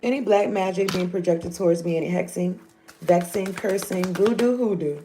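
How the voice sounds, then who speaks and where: A woman's voice: on the low side, normal speed, mellow, slight background noise. A woman, giving a loose, joking, profane tarot reading. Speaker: tarot reader.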